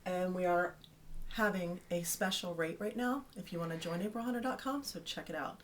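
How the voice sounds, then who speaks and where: Woman, thirties, casual vlog host, playful, teasing, slightly low voice. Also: brisk, slight background noise. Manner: chatty and playful, teasing asides. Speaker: video newsletter host.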